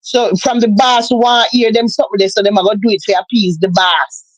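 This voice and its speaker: A woman's voice: medium pitch, steady tone, a little fast, no room sound, rough recording. A woman, chatting casually and giving emphatic, opinionated commentary. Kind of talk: casual chat.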